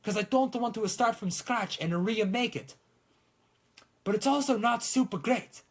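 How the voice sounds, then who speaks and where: A man's voice: very high voice, measured pace, full character voice. A young man rambling on a casual prop-making livestream in a put-on Italian accent, talking through a swollen lip. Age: young adult. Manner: rambling, self-mocking, trails off mid-sentence.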